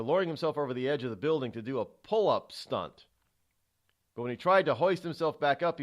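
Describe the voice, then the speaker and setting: Animated rambling talk-radio host man. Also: mid-range voice. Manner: chatty, digressive, frequent restarts and repeated words.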